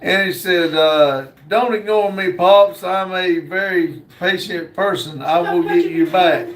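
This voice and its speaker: A man hosting a casual livestream, reading viewer comments aloud in an unhurried, joking way with frequent pauses. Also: sits high. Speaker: livestream host. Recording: roomy echo.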